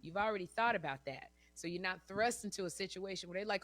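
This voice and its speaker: Woman in her 50s chatting as a guest, bright voice, super animated, acts out little quotes and laughs a lot. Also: medium pitch, quick pace. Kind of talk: casual interview chat.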